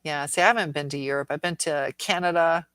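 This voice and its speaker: Here a woman from around Detroit, USA, runs a relaxed at-home livestream, talking fast and reading out viewer comments. Her voice sits low with a fairly bright tone, and she's rambly and chatty, full of fillers, cooing at her dog. A phone or webcam captures it dry.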